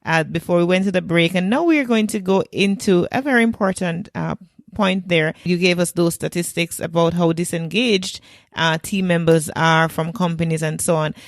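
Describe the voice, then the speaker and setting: A woman's voice: fairly low pitch, normal speed, dry recording, studio quality. A woman hosting a podcast interview, conversational and a little hesitant between phrases. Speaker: podcast host.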